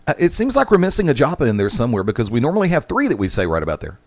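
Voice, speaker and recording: A man's voice: medium pitch, wildly swooping pitch, rapid-fire. A man hosting a sports radio show in a jokey way, reading event details like promo copy. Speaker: radio host.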